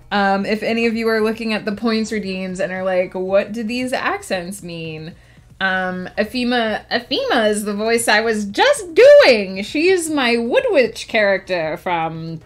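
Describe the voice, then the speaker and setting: A woman streamer chatting casually to her viewers, laughing often and talking with many fillers. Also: medium pitch. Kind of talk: casual live-stream chat.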